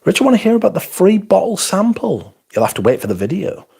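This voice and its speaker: A man's voice: high-pitched, big pitch swings, quick pace, gravelly, darkish tone, breathy edge. A man hosting a casual livestream, reading viewer comments aloud and rambling in a self-deprecating way. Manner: rambling and self-deprecating, trailing off mid-thought. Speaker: fragrance livestream host.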